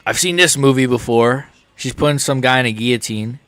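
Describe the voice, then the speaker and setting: A man's voice: medium pitch, fairly quick, a bit bright, no room sound, faint music behind. A young American man hosting a live stream, reacting to fights in a rambling, casual, jokey way.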